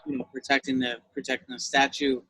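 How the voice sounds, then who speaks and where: Man, interviewer, loose casual talk, mid pitch. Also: little pitch movement, quick pace, fairly bright tone, no room sound, poor audio.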